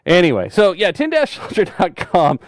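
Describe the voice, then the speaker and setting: A middle-aged man co-hosting a casual podcast, telling jokey stories and sometimes bursting into loud yells. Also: sits high, big pitch swings, moderate pace, dry recording, studio quality. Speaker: podcast co-host, author. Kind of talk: casual chat.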